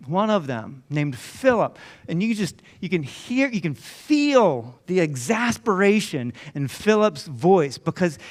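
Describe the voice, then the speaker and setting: High-voiced man preaching conversationally. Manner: conversational storytelling, acting out disciples' lines. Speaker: pastor. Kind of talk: sermon. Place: church.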